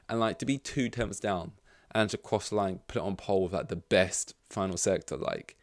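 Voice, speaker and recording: A man's voice: on the low side, fairly quick, dry recording. A man hosting a podcast in casual chat, rambling with lots of fillers and swearing. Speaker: podcast host.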